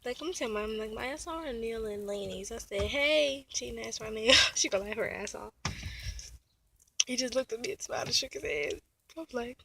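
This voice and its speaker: A young woman vlogging from inside a parked car, whispering one moment and shouting the next. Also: on the high side, lively intonation, normal speed, vocal fry, background noise. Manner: swings between loud outbursts and hushed whispers. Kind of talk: casual car vlog. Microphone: phone camera.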